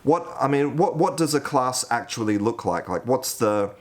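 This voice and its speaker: A man's voice: medium pitch, lively intonation, moderate pace. A man hosting a podcast interview, asking questions hesitantly with stumbling restarts and self-corrections. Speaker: podcast host.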